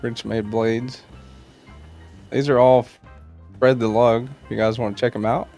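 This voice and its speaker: At a measured pace and with little pitch movement, a man with a dark, medium-pitched voice chats casually on his knife channel livestream. He rambles easily, greeting viewers by name and reading their comments, with faint music behind.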